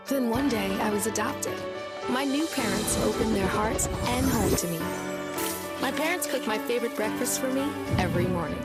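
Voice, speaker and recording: A woman narrating an ad as an adopted young woman, speaking earnestly about her new family. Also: fairly high pitch. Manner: earnest, heartfelt. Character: adopted young woman recalling foster care. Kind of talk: scripted ad narration.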